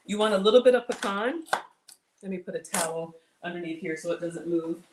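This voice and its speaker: A woman's voice: lowish voice, a little fast, noisy background. A woman with a Southern US accent hosting a casual cooking livestream from her home kitchen, chatty and self-deprecating as she talks to viewers. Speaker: cooking show host.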